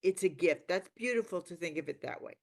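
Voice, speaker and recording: A woman's voice: fairly low pitch, lively intonation, fairly quick, vocal fry. A woman leading a reading group, earnestly explaining a spiritual text in a reflective way. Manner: earnest, reflective, with warm laughs.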